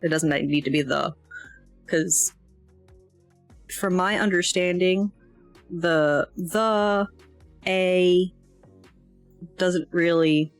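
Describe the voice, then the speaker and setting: A woman's voice: fairly low pitch, drawn-out words, pauses often, no room sound, soft background music. A woman talking through a language lesson, rambling and hesitant, poking fun at herself as she goes. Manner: rambling, hesitant, self-deprecating. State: yawning, tired. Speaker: language learner streamer. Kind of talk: casual lesson walkthrough.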